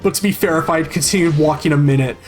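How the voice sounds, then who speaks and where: Profane rambling streamer, slightly high voice. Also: male voice, rapid-fire, faint music behind. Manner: rambling and profane, many restarts and fillers. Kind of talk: casual storytelling over gameplay.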